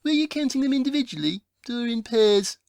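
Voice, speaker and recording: A woman's voice: on the high side, lively intonation, fairly quick, vocal fry, darkish tone, dry recording, studio quality. A woman voicing a prim, haughty male detective in a comedy audio play, with a formal, fussy, scolding manner.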